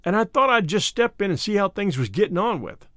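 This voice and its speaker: Male reader voicing a humble backwoods miner, slow folksy drawl, earnest, lively pitch, storybook reading. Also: no room sound, clean studio sound. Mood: apologetic.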